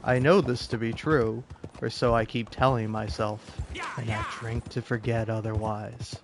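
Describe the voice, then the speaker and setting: A man's voice: mid-range voice, fairly even intonation, unhurried, background noise. A man giving casual let's-play commentary, joking and laughing often. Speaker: gaming video host.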